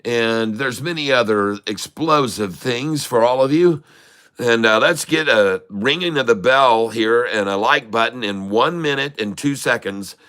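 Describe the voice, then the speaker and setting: A middle-aged man hosts a live day-trading stream at a measured pace, his medium-pitched voice fairly bright. He's upbeat, greeting viewers, reading out their chat messages, and hyping up the audience.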